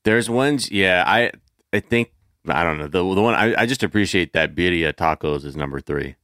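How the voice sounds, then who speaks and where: A man's voice: deep voice, normal speed, fairly bright tone, clear, resonant tone, no room sound, studio quality. A man co-hosting a podcast in casual, wry chat. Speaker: podcast co-host.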